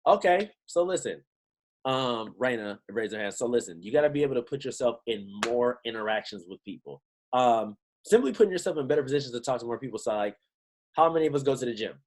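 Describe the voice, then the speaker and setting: A man giving a lively pep talk to his team on a video call, full of slang and rhetorical questions. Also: medium pitch, fast, poor audio. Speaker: motivational team trainer.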